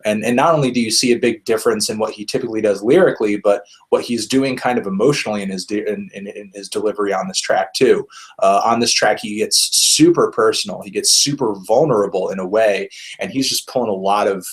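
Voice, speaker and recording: A man's voice: lowish voice, fast. A man hosting a casual album review discussion, thinking aloud with frequent fillers and restarts. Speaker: music reviewer, host.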